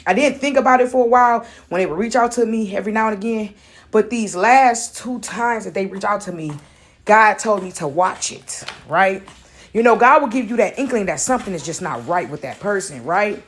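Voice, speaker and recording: A woman's voice: medium pitch, fairly quick. A woman, out of breath, chatting casually in a spiritual vlog and often asking "right?". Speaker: vlogger. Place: in a house with her dog.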